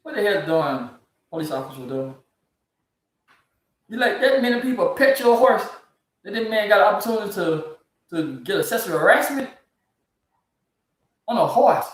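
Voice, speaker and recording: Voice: medium pitch, lively intonation, a little slow, long pauses. A speaker, ranting disbelievingly about odd news stories in a casual comedic commentary. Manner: incredulous, ranting, laughs often. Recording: very echoey, from far off the mic.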